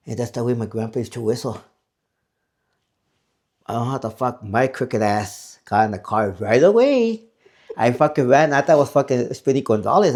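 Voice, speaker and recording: A man's voice: mid-range voice, a little mellow. A middle-aged man co-hosting a podcast, telling a ghost story in casual, profane chat that slips into Spanish. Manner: profane, mixes Spanish into English. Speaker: podcast co-host.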